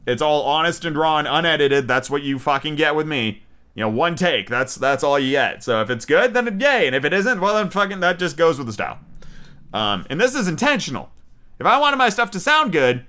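A man's voice: on the high side, pushed and bright. A man hosting his own podcast, rambling and swearing casually as he gives his opinions, with lots of ums and restarts. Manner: rambling, profane, opinionated, with many fillers. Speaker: podcast host. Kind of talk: casual solo podcast review. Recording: home-made unedited podcast.

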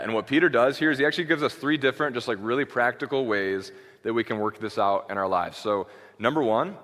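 Guy pastor preaching, low voice, chatty sermon with lots of okays, long hall echo. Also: fairly bright tone. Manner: conversational preaching with many "okay"s and restarts.

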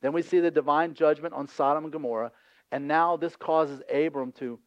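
A male pastor preaching a sermon in a lively, conversational way, acting out voices from the scripture scenes. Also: a little high, brisk, dry recording, lo-fi sound.

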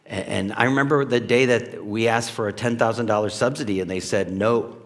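A pastor with a lowish voice delivers his sermon briskly, chatting with the congregation and asking them questions. The recording carries the long echo of a church sanctuary.

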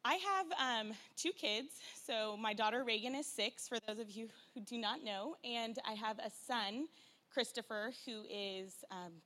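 A woman in her thirties sharing a personal Mother's Day talk at a church event, chatty and animated with lots of fillers. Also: fairly high pitch. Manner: chatty, frequent fillers, animated retelling with playful impressions.

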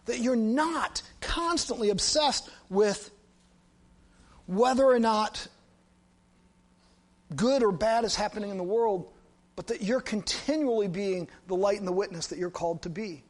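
A middle-aged man, a pastor, giving a conversational sermon, telling a personal story with animated asides. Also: high voice, unhurried, long pauses.

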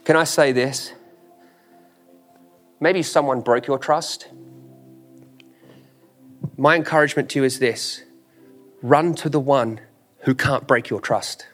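A man's voice: medium pitch, slow, pauses often, soft background music. A man preaching a sermon with an emphatic, repetitive cadence, full of rhetorical questions and casual phrasing. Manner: informal, drops into "ain't". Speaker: pastor.

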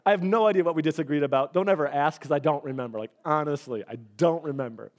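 A man's voice: on the high side, quick pace. A man preaching a sermon as a pastor, talking conversationally and acting out little dialogues. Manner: animated, conversational, acts out dialogue.

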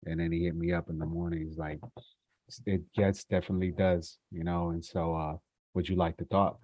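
A man with a fairly low voice chats with friends about his job. He talks in a loose, slangy way, full of "you know". The recording is dry and close. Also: brisk, no room sound, muffled recording. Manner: relaxed, slangy, lots of fillers. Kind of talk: casual chat.

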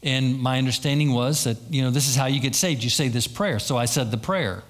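A man's voice: mid-range voice, a little fast. A man preaching a sermon as pastor, telling stories and acting out quoted lines with a lot of repetition. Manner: storytelling with acted-out quotes and repetition.

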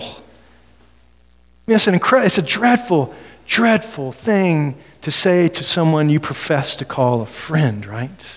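Emphatic male preacher, fairly high voice, rhetorical questions, long hall reverb. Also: expressive, slow pace. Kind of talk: expository sermon.

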